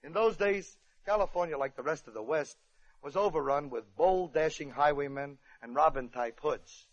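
A man hosting a radio show, telling a comic story with wry, deadpan asides. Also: a little high, normal speed, slight background noise. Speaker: comedian host. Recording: muffled old radio broadcast with band music.

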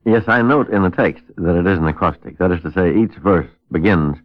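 A man hosting a radio discussion, reading a scripture passage in a measured, old-fashioned cadence on a dull old radio recording. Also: deep voice, dry recording.

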